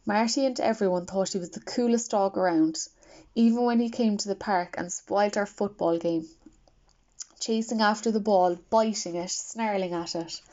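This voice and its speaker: A woman reading an audiobook as first-person narration, quiet, reflective and wistful, on a dull lo-fi recording. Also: medium pitch, normal speed.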